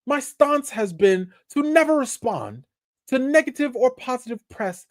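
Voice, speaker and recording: A prim young woman with an overdone, put-on British accent, as a man puts her on, her voice pitched far above his own. She reads her statement sweetly and carefully. The sound is close and dry. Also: dry recording, heavily acted. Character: mocking high-voiced young woman celebrity.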